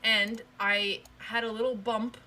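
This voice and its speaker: A young woman co-hosting a stream, telling a rambling, animated story in casual chat, full of restarts. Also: fairly high pitch, a little slow, slight background noise. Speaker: stream co-host.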